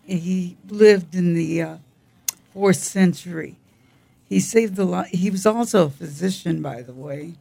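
An older woman co-hosting a casual chat about the week's feast days, with a gravelly voice and frequent throat clearing, speaking in a wry, halting way. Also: fairly low pitch, warm tone. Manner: unhurried, wry, halting reading. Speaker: co-host.

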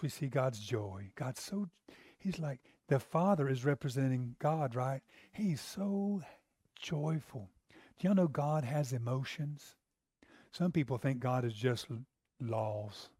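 A man's voice: mid-range voice, darkish tone, dry recording, studio quality. A man preaching a sermon as pastor, in an emphatic, exclamatory, conversational way.

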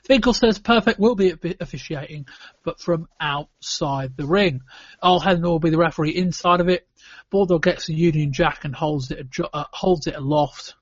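A man's voice: fairly high pitch, moderate pace, husky, dry recording, muffled recording. A man from the UK hosting a podcast, giving a wry, matter-of-fact play-by-play recap of a wrestling match. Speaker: podcast host.

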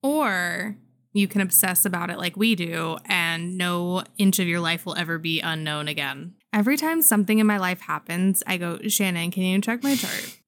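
Animated woman telling a story, dry sound. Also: normal speed, dry recording. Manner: animated storyteller, jumps pitch for quoted voices, laughs often. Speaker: podcast co-host. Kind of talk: casual chat, storytelling.

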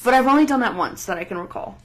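A woman's voice: on the high side, lively intonation. Blunt woman with a slight Northern accent. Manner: blunt, opinionated, quick to complain. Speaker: podcast co-host. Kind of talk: casual chat.

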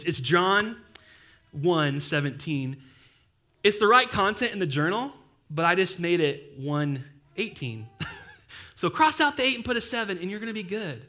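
Casual, lively young male pastor. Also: a little high. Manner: casual, animated preaching with playful asides. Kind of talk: sermon.

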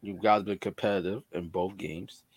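A man's voice: deep voice, fairly even intonation, moderate pace, breathy edge, no room sound. A man co-hosting a casual sports podcast, loose and teasing, throwing in some swearing. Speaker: podcast co-host.

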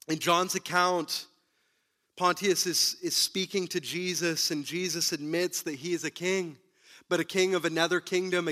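A man preaching a sermon who retells the story dramatically, moving between loud bursts and hushed, low passages. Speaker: pastor.

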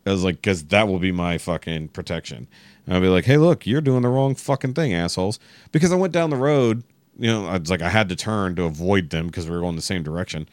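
A man's voice: low voice, fast talker, no room sound. A man from Texas telling a long exasperated story in casual podcast chat, swearing freely. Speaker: podcast guest.

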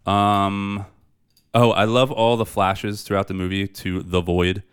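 A man's voice: fairly low pitch, little pitch movement, unhurried, smooth. A man co-hosting a podcast, chatting casually and enthusiastically about movies, loose and profane with lots of fillers. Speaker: podcast co-host. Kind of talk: casual movie review chat.

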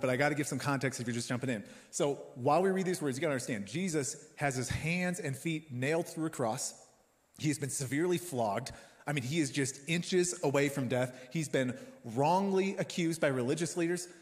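A man preaching a sermon as a pastor, in a casual, joking, conversational way. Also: fairly high pitch. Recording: long hall reverb.

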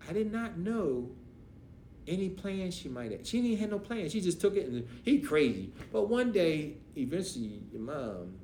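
A man's voice: high-pitched, moderate pace. A middle-aged man, a pastor, telling a story from his life in a podcast interview in casual speech and acting out the voices of others. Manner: animated, acts out voices, casual dialect grammar. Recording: roomy echo, faint noise.

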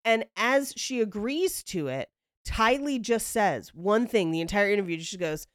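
A woman's voice: mid-range voice, lively intonation, moderate pace, no echo, clean studio sound. A young woman hosting a podcast, casually telling a story, acting out quotes and laughing often. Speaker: podcast host.

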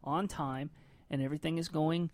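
A man's voice: a little high, fairly even intonation, normal speed, a little mellow, dry recording. A man hosting a casual comedy podcast, rambling about what he is doing and laughing often, sometimes moving away from the mic. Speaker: podcast host. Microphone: moves on and off the mic.

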